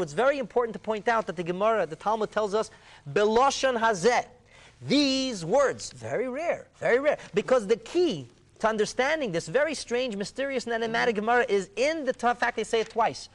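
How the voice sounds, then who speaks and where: A man, a rabbi, explaining a Talmud passage in a discussion, emphatic and animated, acting out the quoted dialogue. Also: very high voice, fairly quick.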